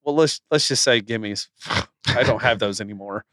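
A man's voice: lowish voice, normal speed, fairly bright tone, dry recording, clean studio sound. A man co-hosting a podcast, chatting casually about college football and groaning over his team's losses. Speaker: podcast co-host, firefighter. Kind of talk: casual sports chat.

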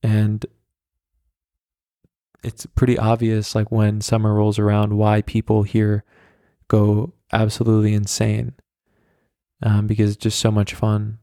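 A man hosting a solo podcast, telling rambling, self-deprecating stories in his flat with many fillers, carrying a handheld mic around as he walks. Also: fairly low pitch, a little slow, long pauses, no room sound, studio quality. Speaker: podcast host. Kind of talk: casual solo storytelling. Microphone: handheld mic carried around.

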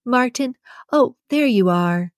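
A woman's voice: on the high side, animated, takes it slowly, no echo, studio quality, voice pushed up. A woman playing a cooing prim old lady. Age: older. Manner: cooing, theatrical.

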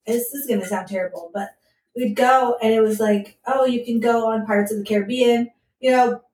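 A woman's voice: fairly high pitch, fairly even intonation, a little mellow, recorded from a distance. Woman chiming in from off-mic, echoey. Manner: supportive, chiming in with quick reactions. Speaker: podcast co-host. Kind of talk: casual chat.

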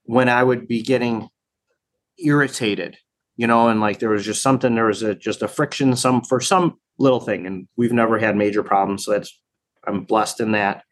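A man talking in a relaxed interview as a training program director, thoughtful and full of fillers and restarts. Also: fairly low pitch, normal speed. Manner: reflective, many fillers and restarts. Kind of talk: casual conversation.

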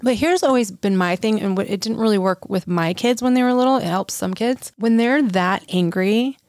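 A woman's voice: medium pitch, normal speed, darkish tone, no room sound, clean studio sound. A middle-aged woman, a podcast co-host, talking frankly and emphatically about raising kids, with some casual swearing. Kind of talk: casual chat.

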